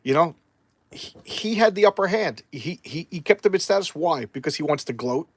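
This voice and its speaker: A man's voice: a little high, expressive, normal speed, dry recording. A man rambling through an opinionated casual review of an old comic book.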